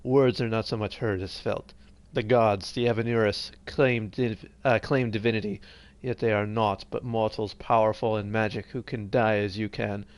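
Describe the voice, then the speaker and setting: A tired man streams a game live, rambling casually, reading the game's text aloud as he plays, and trailing off mid-sentence. His lowish voice holds a steady tone at a moderate pace, with no room sound.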